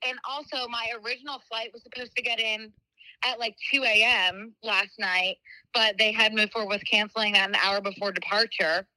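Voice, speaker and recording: A woman's voice: fairly high pitch, steady tone, moderate pace, pushed and bright, no room sound, rough recording. A woman, a regular podcast co-host, calling in and chatting casually in an upbeat, wry way. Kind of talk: casual chat.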